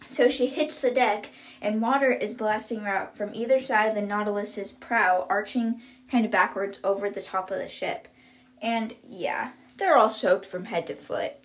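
A woman's voice: medium pitch, steady tone, normal speed. A woman hosting a book podcast, recapping chapters in a casual, chatty way with lots of "like" and "kind of".

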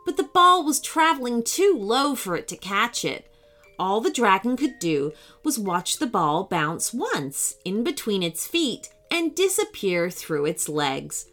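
A woman narrating a scripted children's story in an expressive, animated storytelling manner. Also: mid-range voice, measured pace, soft background music.

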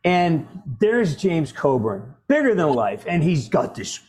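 Man, middle-aged, guest actor, video call, animated storyteller, salty language, restarts. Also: a little high, measured pace, husky.

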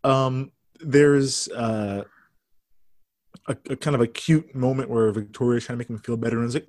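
A man hosting a casual podcast, relaxed and often chuckling as he retells scenes. His voice sits at a middle pitch and sounds dry and close to the mic. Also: normal speed, dry recording. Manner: relaxed, chuckling, recounting lines. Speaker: podcast host.

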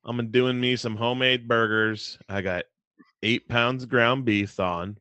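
A man's voice: medium pitch, fairly even intonation, a little slow, pushed and bright, clear, resonant tone, no room sound. A man co-hosting a podcast, chatting casually in a playful, jokey way. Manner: playful, jokey, breaks into goofy sing-song bits. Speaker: podcast co-host. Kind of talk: casual chat.

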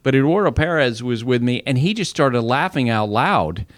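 A man's voice: mid-range voice, animated, moderate pace, no echo. A man talking baseball as an analyst on a casual podcast, telling stories conversationally, with restarts and laughs.

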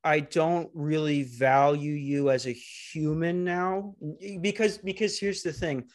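A man hosting a comedy podcast, rambling in crude casual banter with halting restarts and a deadpan delivery. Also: fairly high pitch. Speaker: podcast host and stand-up comic.

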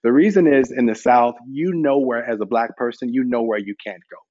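A man from the American South speaks in a candid, emphatic way on a panel, often leaning on "you know" as he builds his point. The recording is dry and a little dull. His voice sits in a middle pitch. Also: a little fast, darkish tone, no echo. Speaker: panel guest. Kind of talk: conversational panel discussion.

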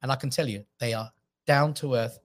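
Male comic, mid pitch, animated storyteller in chat. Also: fairly quick. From England. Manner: animated storyteller, acts out quotes. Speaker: comedian guest. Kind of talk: casual chat, anecdote telling.

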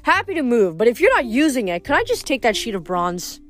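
A woman reading aloud, voicing a lively teenage boy mechanic who talks briskly and coaxingly. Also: on the high side, pitched above the performer's own voice. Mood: coaxing, persuasive.

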